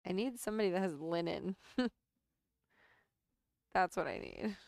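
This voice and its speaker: A woman's voice: fairly low pitch, lively intonation, measured pace, vocal fry, darkish tone, no room sound, studio quality. A woman chatting casually at home as she works on a sewing pattern and coos baby talk to her cat. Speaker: sewing vlogger. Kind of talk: casual chat while sewing.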